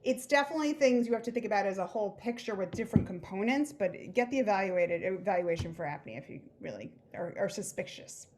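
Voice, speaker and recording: A woman's voice: mid-range voice, lively intonation, quick pace, few pauses, darkish tone, a little hiss or hum. A woman sleep specialist talking casually, with "like" and "right?" fillers. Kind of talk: panel discussion.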